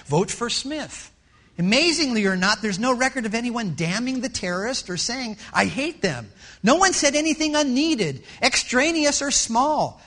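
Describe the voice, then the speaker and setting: A middle-aged male pastor preaching a sermon, telling stories and acting out voices in an animated way. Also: very high voice. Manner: animated storytelling with acted-out voices.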